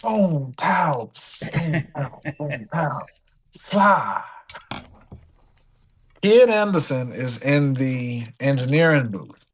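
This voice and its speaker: A young man telling a funny studio story in a casual sit-down conversation, animated and dropping into the voices of the people in it. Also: fairly high pitch, extremely slow, pauses often, breathy edge. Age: young adult. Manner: animated, slips into voices of the people in his stories. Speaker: guest musician.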